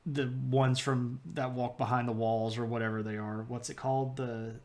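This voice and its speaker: A man chatting casually with his live-stream viewers, rambling and halting as he goes over the schedule. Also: medium pitch, little pitch movement, a little mellow. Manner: rambling, halting, talks baby talk to his dog. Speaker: history streamer.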